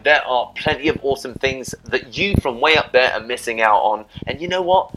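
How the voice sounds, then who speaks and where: A man's voice: mid-range voice, brisk, hardly any pauses, a bit bright, slight background noise, poor audio. A man giving dating advice in a casual, rambling monologue to camera, often adding "you know" and "right?". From Britain.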